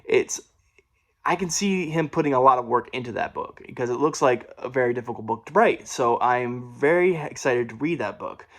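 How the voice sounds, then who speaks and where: A young man in casual talk about his book haul, at an ordinary middle pitch. He rambles, corrects himself often and stumbles over words with a slight stutter. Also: lively intonation, moderate pace. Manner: rambling, with fillers and self-corrections; mild stutter. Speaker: book vlogger. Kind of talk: casual video chat about books.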